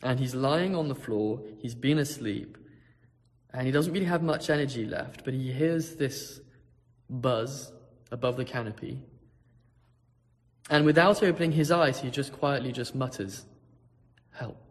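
A pastor preaching a sermon, telling a story vividly, swinging from hushed tones to loud ones. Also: male voice, medium pitch, unhurried, long pauses, long reverb tail.

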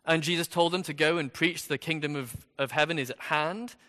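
Delivering a casual, conversational sermon at a brisk clip, a man preaches through a passage and throws out rhetorical questions. His voice is a little high, bright and forceful, and a long reverb follows it.

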